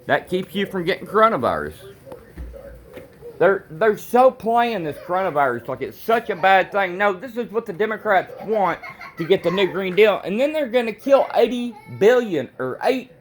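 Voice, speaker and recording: A father ranting to the camera at home in a casual, repetitive, animated way. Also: sits high, moderate pace, a little hiss or hum. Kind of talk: casual political rant.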